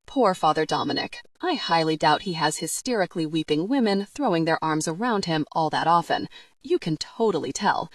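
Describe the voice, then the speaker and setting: A woman narrating a first-person audiobook in an expressive, wry, conversational way. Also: sits low, moderate pace, no echo.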